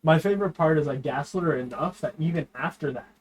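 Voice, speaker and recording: A man's voice: a little high, fast, low-quality recording. A young man chatting casually while gaming, telling stories in a laid-back way, swearing and giggling.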